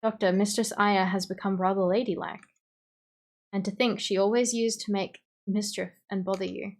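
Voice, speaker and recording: A woman's voice: mid-range voice, steady tone, moderate pace, close to an everyday voice. Timid loyal assistant, read by a woman, hesitant and deferential, Australian accent. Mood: polite.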